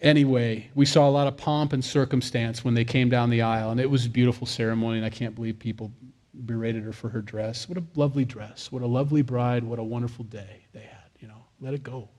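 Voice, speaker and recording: A man's voice: mid-range voice, steady tone, quick pace, a little mellow. A man, a father of young kids, preaching a sermon in a conversational way, with jokey asides and acted-out quotes. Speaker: pastor.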